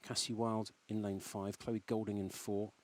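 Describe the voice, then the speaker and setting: A man's voice: lowish voice, level tone, moderate pace, darkish tone. A man doing enthusiastic, exclamatory swimming commentary. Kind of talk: sports commentary.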